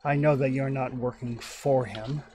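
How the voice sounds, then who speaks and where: Male GM playing a solemn male keeper of occult books, measured delivery. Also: mid-range voice, steady tone, mellow, natural voice.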